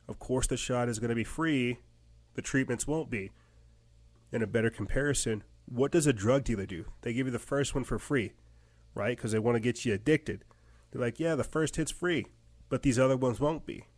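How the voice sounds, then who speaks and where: A man hosting his own podcast, talking in a rambling, emphatic monologue and acting out other people's lines in quick mocking voices. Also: mid-range voice. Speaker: podcast host. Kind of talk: casual monologue.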